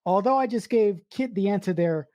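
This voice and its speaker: Woman on a podcast sharing sincere takes, warm mellow voice, super dry mic. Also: mid-range voice, normal speed, no echo, muffled recording. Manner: earnest and reflective, with restarts. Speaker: podcast co-host. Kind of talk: casual film discussion.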